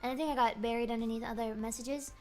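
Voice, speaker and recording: A young woman streaming, telling a rambling story in a giggly, animated way. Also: a little high, fast talker, soft background music. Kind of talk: casual chat. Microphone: streaming microphone.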